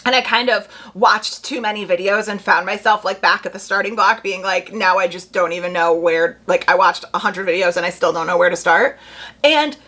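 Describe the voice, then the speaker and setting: A young woman chatting casually to camera about book picks, full of quick asides and "like". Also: mid-range voice, bright, forceful tone. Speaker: booktube creator.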